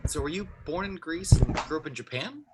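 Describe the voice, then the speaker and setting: A man's voice: fairly high pitch, lively intonation, brisk, heavy background noise, natural voice. A man reading the part of Matt, an earnest, charming blind male lawyer, in an amateur script table read.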